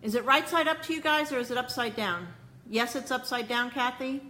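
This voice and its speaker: A woman's voice: high-pitched, fairly quick, pushed and bright. A woman hosting a live cooking stream from her home kitchen, muttering and fretting to her viewers while she struggles to fix her camera. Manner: flustered, muttering to herself while fixing camera. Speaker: cooking show host. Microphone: phone or tablet camera mic.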